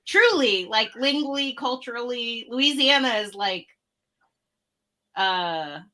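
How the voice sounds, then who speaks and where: A woman on a video call rambles playfully through casual chat and pauses to search for words. Her tone is bright and forward. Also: a little high, lively intonation. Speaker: panelist.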